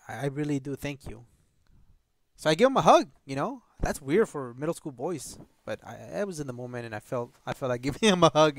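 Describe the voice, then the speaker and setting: A man's voice: fairly high pitch, a bit bright. A man hosting his channel, telling a personal story in a casual, rambling way, with frequent restarts and laughs. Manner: rambling, many restarts, laughs often, addresses viewers as guys. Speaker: channel host. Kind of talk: casual storytelling while washing a car.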